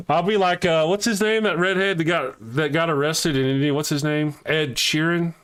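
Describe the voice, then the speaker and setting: Guy running a live morning stream, fairly high voice, rambly and jokey, keeps cracking himself up. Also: steady tone, moderate pace, few pauses, fairly bright tone, clear, resonant tone. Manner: rambling, joking, laughs often at his own jokes; reads out viewer comments and teases chatters. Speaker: livestream host. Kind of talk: casual live-stream chat.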